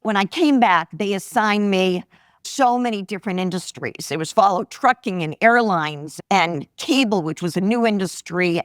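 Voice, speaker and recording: Speaking in a mid-range voice, a woman in her sixties appears as an investor guest on a live podcast interview, recorded dry with studio quality. She tells animated personal anecdotes and acts out the voices of the people she quotes, while a live audience laughs in the background.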